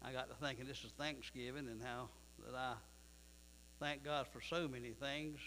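A man's voice: medium pitch, fairly even intonation, normal speed, bright, forceful tone. Pastor guy preaching in church, folksy then emphatic, echoey hall w a bit of hum. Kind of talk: sermon. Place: church sanctuary. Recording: distant reverberant room with mains hum.

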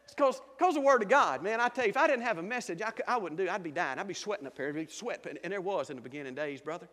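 A high, a bit bright, animated male voice delivers rapid-fire lines with a big-room sound. He's a missionary pastor with a Georgia Southern accent preaching a humorous sermon in a church sanctuary, telling folksy stories and laughing often.

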